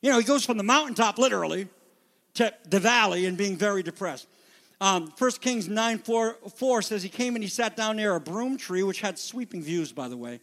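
A man preaching a sermon as pastor, moving from quiet retelling to loud, urgent exhortation. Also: sits high, expressive, normal speed, big-room sound. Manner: dynamic preaching, drops to a hush then builds to loud exhortation.

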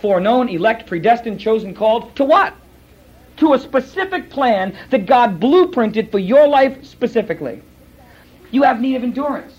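A pastor with a high-sitting voice gives a class sermon-style Bible teaching, emphatic and animated. He fires off rhetorical questions and imitates other people's voices, all on a dull lo-fi recording.

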